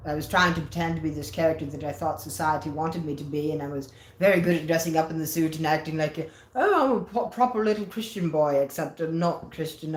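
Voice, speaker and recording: Woman, livestream chat, low-ish voice, playful and chatty, roomy echo. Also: a little hiss or hum. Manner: chatty and playful, reads comments aloud and answers them. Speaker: livestreamer reading viewer comments.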